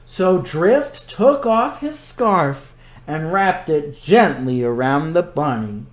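A man hosts a children's story time and reads a picture book aloud with gentle expression. He moves through the story slowly and patiently, letting each line land. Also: on the high side, expressive.

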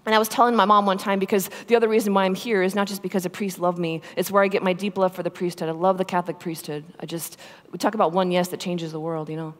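A Catholic religious sister giving a personal testimony talk to a live conference audience, speaking in an earnest, conversational way that grows emphatic on heartfelt points. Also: female voice, lowish voice, flat delivery, fast, few pauses. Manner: earnest, conversational storytelling with frequent "right?" and "you know". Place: large conference hall. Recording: echoey hall sound.

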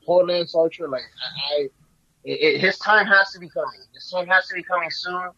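A man's voice: sits high, steady tone, normal speed, pushed and bright, highs cut off. A man co-hosting a casual wrestling predictions podcast, talking in rambling bursts with many restarts. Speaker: podcast co-host.

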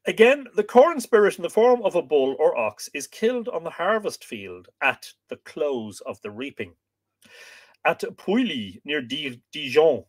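A man hosting a live stream, reading an old book aloud and breaking off to greet viewers and joke. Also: mid-range voice. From Ireland.

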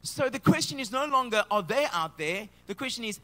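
A man's voice: very high voice, brisk. A man, a pastor preaching a sermon. He jokes with the congregation and calls out to them as he preaches. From South Africa. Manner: energetic, joking preacher calling out to the congregation. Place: church auditorium. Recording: live church hall reverb.

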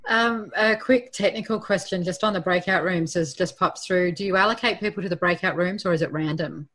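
A woman with an Australian accent moderating an online panel in a brisk, friendly way. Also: fairly low pitch, a bit bright. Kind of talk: casual video-call panel chat. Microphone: video call.

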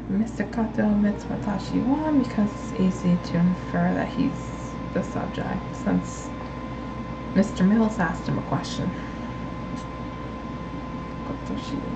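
Woman, study-with-me host, slow and gravelly delivery, noise behind her. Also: mid-range voice. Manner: slow, reads notes aloud and explains them. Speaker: language learner studying on camera. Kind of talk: study-with-me note reading.

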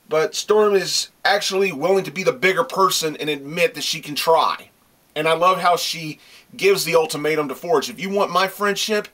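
A man with a fairly high, bright, forceful voice reviews comic books for his channel. He gushes and swears freely, often repeating his praise for emphasis. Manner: gushing praise, repeats himself. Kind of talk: casual video review.

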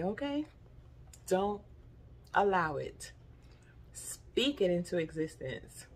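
A woman's voice: lowish voice, slow, pauses often, breathy edge. Chatty woman tasting snacks. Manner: chatty and expressive, says "y'all" often; talks with her mouth full while chewing. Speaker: vlogger. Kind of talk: casual haul vlog, taste-testing.

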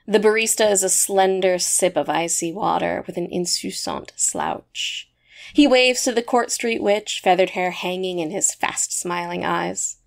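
A woman narrating a short story in a measured, even storytelling manner. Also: medium pitch, vocal fry.

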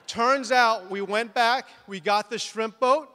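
Lively high-voiced man onstage in a big hall. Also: slow. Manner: animated, acts out scenes, laughs at himself. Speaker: speaker at a photography conference. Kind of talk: comic storytelling talk. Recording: reverberant conference hall.

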